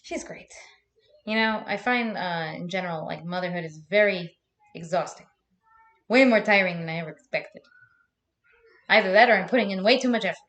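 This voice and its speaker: A woman's voice: on the low side, normal speed, long pauses, fairly bright tone. A young woman chatting casually on a live stream, laughing often and swearing freely.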